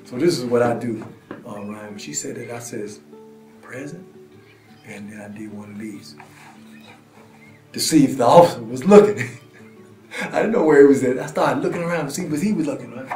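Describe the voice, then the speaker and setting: A man telling a story in a prison visitation room, acting out the scene and sometimes dropping to a hush. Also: mid-range voice, moderate pace, pauses often. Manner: acts out scenes and voices, drops to hushed tones. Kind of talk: animated storytelling. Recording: roomy echo, faint guitar music.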